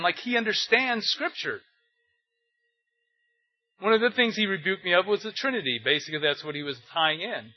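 In a husky, high-sitting voice, an elderly pastor delivers a chatty sermon, posing rhetorical questions and sharing stories along the way. The audio is muffled and lo-fi.

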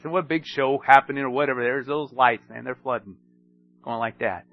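A man preaching a sermon, swinging between hushed asides and emphatic storytelling. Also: mid-range voice, fairly even intonation, a little fast, highs cut off.

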